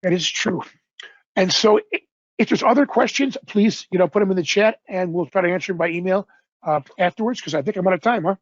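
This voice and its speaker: Male presenter, informal webinar demo, fairly high raspy voice, muffled lo-fi call sound. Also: fairly quick, no echo. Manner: informal, apologetic, loosely unscripted. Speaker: software presenter. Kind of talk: live software demo webinar.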